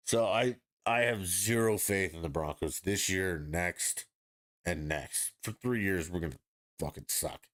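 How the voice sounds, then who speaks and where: A man's voice: low-pitched, fairly bright tone. A man hosting a podcast, ranting bluntly and profanely in casual sports talk. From Denver area, United States. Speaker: podcast host.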